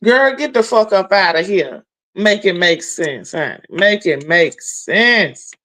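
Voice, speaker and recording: A woman's voice: on the low side, animated, slow, fairly bright tone, low-quality recording. A woman hosting a live stream, ranting in a brash, profane, mocking way as she calls people out. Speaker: livestream host.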